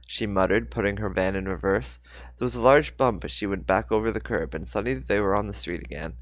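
A man's voice: on the low side, lively intonation, fairly quick, no room sound. A man reading a novel aloud, stumbling and correcting himself now and then. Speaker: audiobook reader.

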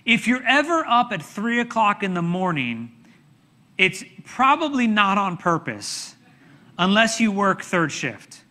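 Male pastor, high-pitched and bright, preaching with dramatic shouts and hushes. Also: unhurried. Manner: dramatic, animated storytelling with sudden shouts and hushed asides. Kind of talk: sermon.

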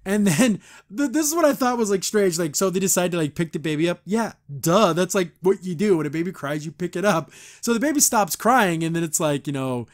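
This podcast host, a man, has a high-pitched, animated voice and talks a little fast with hardly any pauses. Casually going over a cartoon episode, he rambles, leans on "like," and acts out each line he quotes.

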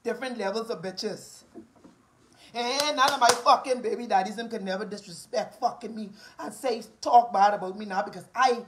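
A high-pitched Bahamian woman in her forties, talking straight to her listeners in an angry rant. She is profane and combative, hammering the same taunts again and again. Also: normal speed, a bit bright, a little hiss or hum, poor audio.

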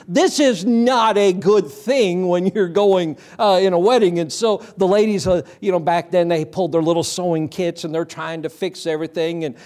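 A man in his fifties preaches from a church pulpit in a slightly high voice. He tells his stories folksily and slips into little voices when he quotes people. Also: steady tone, moderate pace, few pauses, a little mellow. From Michigan. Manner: folksy anecdotal storytelling, acts out voices in quotes. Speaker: pastor. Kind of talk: sermon with storytelling. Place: church sanctuary.

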